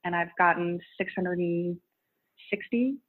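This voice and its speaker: A woman's voice: on the low side, unhurried, breathy edge. A woman content creator chatting casually in an interview, rambling with restarts and laughing often. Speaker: social media creator. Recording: tinny phone-like line.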